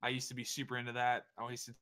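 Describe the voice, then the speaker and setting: A man's voice: mid-range voice, monotone, fast talker, bright, forceful tone. A man co-hosting a casual podcast, easygoing, often restarting his sentences. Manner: easygoing, stumbles and restarts, laughs. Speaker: podcast co-host. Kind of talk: casual chat.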